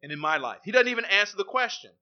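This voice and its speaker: High-voiced emphatic male preacher, lo-fi. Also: sing-song, racing. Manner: emphatic, repeats key phrases. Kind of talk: sermon. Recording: dull lo-fi recording.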